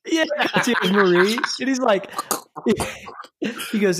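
A man's voice: high-pitched, takes it slowly, background noise. A man in casual chat, laughing as he acts out lines from favorite sitcom scenes.

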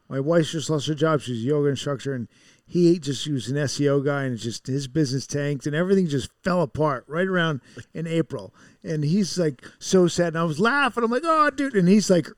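Higher-voiced man telling an anecdote. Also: no room sound, studio quality. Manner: animated anecdote teller, acts out quotes. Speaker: podcast guest, business co-founder. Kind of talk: casual storytelling.

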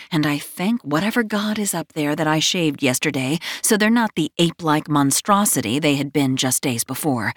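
A woman's voice: deep voice, no echo. A woman narrating a first-person romance audiobook in a wry, self-mocking storytelling manner, close to the mic.

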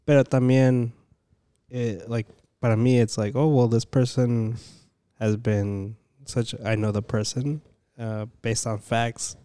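A man's voice: medium pitch, unhurried, smooth, no room sound, studio quality. Young man, casual Spanish-English banter. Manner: relaxed, mixes Spanish into English, argues plainly. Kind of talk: casual chat.

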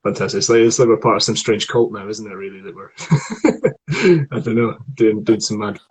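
A man's voice: fairly low pitch, moderate pace, slightly rough, rough recording. A man leading a voice lesson, guiding a student through tongue and articulation exercises and demonstrating the sounds himself. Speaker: voice coach. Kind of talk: guided vocal warm-up lesson.

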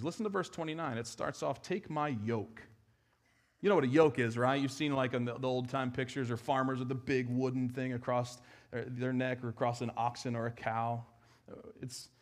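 A man preaching a sermon in church, talking conversationally and swinging from emphatic, raised lines to quiet, hushed ones. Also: medium pitch. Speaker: pastor.

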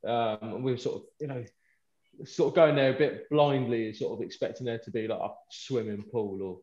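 A man's voice: medium pitch, fairly even intonation, a little fast, a little mellow. A man chatting enthusiastically with friends, using casual slang. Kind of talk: casual chat among friends. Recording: echoey, dull lo-fi sound.

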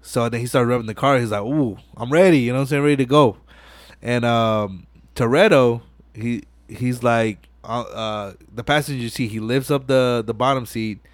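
A man's voice: medium pitch, normal speed, dry recording. Slangy man recapping a movie, dry sound. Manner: slangy, profane, animated storytelling with many fillers. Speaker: podcast host.

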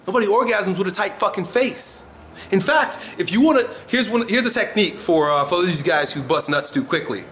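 A man's voice: high voice, animated, fairly quick, a bit bright, slight background noise. A man giving frank, profane coaching talk about the body, blunt and demonstrative.

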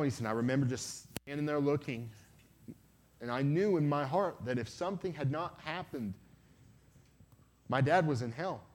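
A man giving an earnest sermon to a youth event, retelling a story with many quoted lines and pleading with listeners. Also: medium pitch. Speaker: evangelist, guest speaker.

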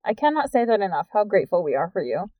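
A woman's voice: medium pitch, sing-song, quick pace, no echo, narrow, tinny audio. A woman co-hosting a podcast in casual chat, bubbly and laughing often. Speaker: podcast co-host.

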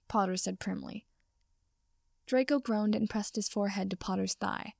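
A woman reading a fan fiction story aloud in a steady storytelling manner. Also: mid-range voice, normal speed, creaky, dry recording, clean studio sound. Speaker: reader.

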